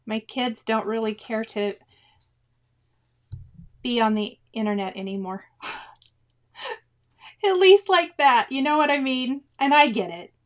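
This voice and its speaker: A high-voiced woman in her forties talks casually through a cross-stitch livestream. She reads viewers' comments aloud, laughs often and keeps breaking into exclamations. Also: slow pace, pauses often. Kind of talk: casual chat reading live comments.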